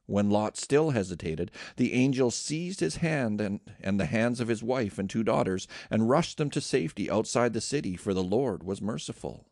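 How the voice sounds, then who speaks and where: A man reading scripture aloud in a steady, measured way. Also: fairly low pitch, dry recording, clean studio sound. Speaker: scripture reader.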